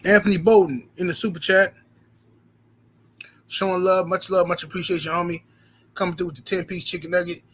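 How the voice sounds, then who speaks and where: A man hosting a casual livestream, reading out viewer messages and riffing in a profane, rambling, animated way. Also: sits high, brisk, pauses often, breathy edge. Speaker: livestream host reading super chats.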